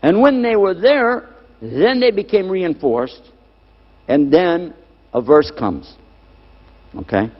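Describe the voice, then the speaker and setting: A man with a fairly high voice lectures on scripture, hammering single words and checking whether his audience is following. His voice rings through a long hall reverb. The recording sounds dull and lo-fi. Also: sing-song, slow pace, long pauses. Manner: emphatic, repeats key words, asks the audience questions. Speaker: preacher.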